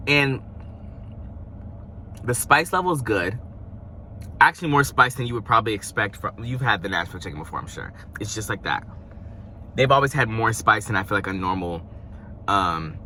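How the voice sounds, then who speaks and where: Parked in his car, a young vlogger rambles through a casual mukbang food review, cracking jokes and tossing in playful asides. His voice comes across bright and forceful, pitched a bit low for a man, while faint car and road noise hums underneath.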